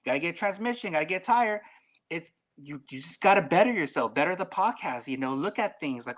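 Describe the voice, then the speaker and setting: A man as a podcast guest in casual chat, talking bluntly with lots of swearing and animated swings in delivery. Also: on the high side, fast.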